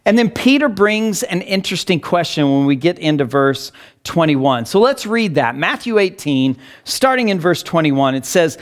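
A man preaching a sermon, reading scripture aloud and explaining it in an earnest, expressive way. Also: fairly high pitch, moderate pace. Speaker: pastor.

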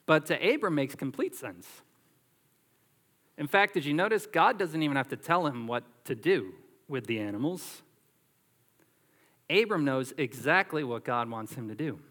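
A man preaching a sermon as pastor, animated and emphatic, drawing on everyday illustrations. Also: on the high side, long reverb tail.

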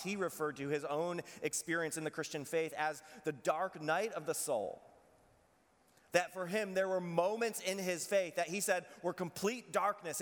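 A man preaching a sermon as pastor, earnest, dropping soft and slow on the painful lines. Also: on the high side, in a large hall.

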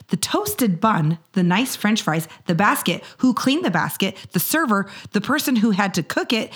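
A woman in her forties co-hosting a podcast, telling a story in a teasing, animated way. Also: medium pitch, husky. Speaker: podcast co-host. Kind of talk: casual chat.

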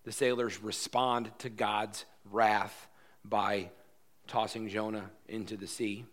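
A man's voice: on the low side, level tone, slow, fairly bright tone. Emphatic conversational male preacher. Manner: emphatic, conversational, acts out quotes. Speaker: pastor. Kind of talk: sermon.

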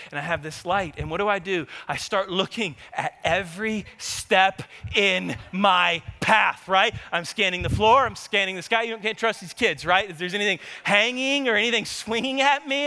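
A man with a high, bright voice preaches to his congregation, turning the sermon into lively, chatty storytelling. His voice rings through a long hall reverb in a church sanctuary. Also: clean tone. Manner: animated, conversational, engages the audience. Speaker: pastor.

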